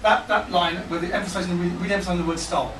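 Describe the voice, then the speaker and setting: A man teaching a small group, relaxed and halting, full of ums and restarts. His voice sits high and is caught from a distance. A roomy echo and steady background noise hang around him. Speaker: songwriting workshop leader. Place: large hall with a small group. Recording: echoey room, picked up from afar, noisy.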